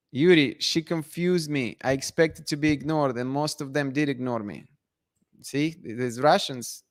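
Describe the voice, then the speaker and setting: A man hosting a casual live stream, reading viewer comments in a playful, emphatic way that repeats itself. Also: mid-range voice. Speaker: livestream host.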